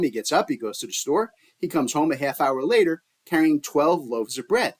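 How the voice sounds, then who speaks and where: Jokey, animated male podcast host. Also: on the high side, brisk, hardly any pauses. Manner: jokey, playful, laughs often. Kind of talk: casual podcast chat.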